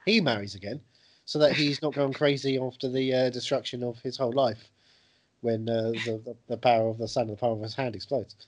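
A man's voice: mid-range voice, steady tone, brisk. A man co-hosting a podcast, chatting casually about a film with wry jokes and plenty of swearing. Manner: wry, joking, swears freely. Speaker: podcast co-host.

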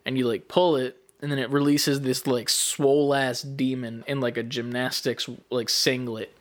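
A man's voice: medium pitch, level tone, normal speed. A young man chatting casually as a podcast co-host, rambling with lots of fillers and swearing. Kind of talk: casual chat.

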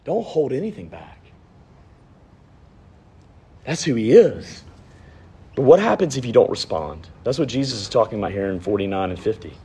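A man in his thirties, a pastor preaching a sermon, swinging from raised emphasis down to hushed, near-whispered lines. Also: medium pitch, big pitch swings, moderate pace, long pauses, husky.

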